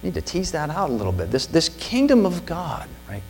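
A middle-aged male pastor preaching with a lively, rising and falling delivery that sits a little high for a man. He talks earnestly, leaning on rhetorical questions. A faint mains hum runs under the recording. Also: a little fast, creaky, low-quality recording. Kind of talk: sermon.

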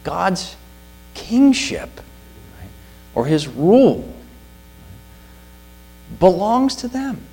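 Pastor, man, middle-aged; animated, earnest sermon delivery, slight hum on the recording. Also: high-pitched, very slow, creaky, long pauses, slightly rough, rough recording. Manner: earnest, emphatic preaching with rhetorical questions.

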